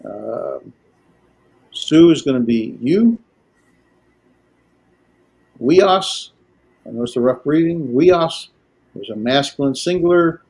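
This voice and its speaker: A man teaching a language class, lecturing in a halting way with many filler pauses. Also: mid-range voice, expressive, vocal fry, warm tone. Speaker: Greek teacher.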